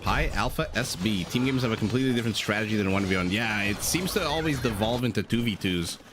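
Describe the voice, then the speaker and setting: A man's voice: on the low side, fast talker. A man commentating a strategy game on a live stream, calling the action and chatting with viewers between plays. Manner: chatty, reads and answers chat between play calls. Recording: audible background noise.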